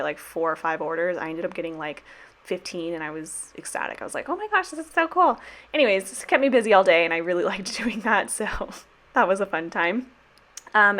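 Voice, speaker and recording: A woman's voice: lowish voice, a bit bright. Chatty young woman's casual voiceover. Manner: bubbly and rambling, with slang and swearing. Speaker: planner vlogger and sticker shop owner.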